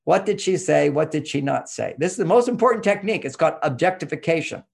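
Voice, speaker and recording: A man's voice: on the high side, lively intonation, quick pace, vocal fry. A man explaining relationship advice in an interview, emphatic and teacherly, pushing his voice up on key points.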